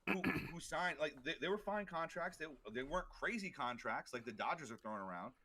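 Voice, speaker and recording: A man's voice: on the high side, lively intonation, sharp tone, a little hiss or hum. A man co-hosting a sports podcast in casual talk, rambling through his points with lots of fillers and restarts. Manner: rambling, filler-heavy, quick talker. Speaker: podcast co-host.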